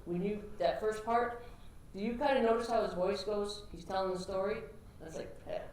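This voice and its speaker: A woman instructor giving direct, encouraging feedback to students practicing pitches in a classroom. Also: normal speed, a little mellow. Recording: echoey classroom with background noise.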